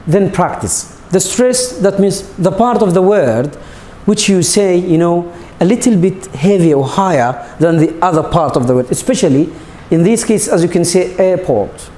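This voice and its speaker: A male English teacher whose first language is Arabic talks his students through a textbook lesson, stumbling and repeating himself as he goes. His voice sits fairly high but sounds mellow, and the room around him rings with echo. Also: expressive, moderate pace. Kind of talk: recorded classroom lesson.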